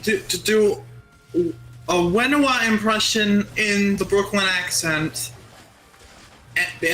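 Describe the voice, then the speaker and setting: A woman's voice: mid-range voice, fairly bright tone. A woman co-hosting a casual gaming stream, rambling playfully and repeating her own jokes. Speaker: stream co-host. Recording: roomy sound with faint music. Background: faint game music.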